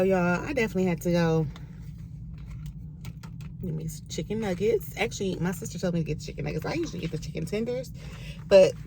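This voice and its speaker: A young woman chatting candidly to her viewers from the driver's seat, her pitch jumping up when she gets worked up. Her voice sits in a middle register, and a faint hum of the car and road runs underneath. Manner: candid, emotional, animated swings in pitch. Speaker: vlogger. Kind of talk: casual chit-chat to camera.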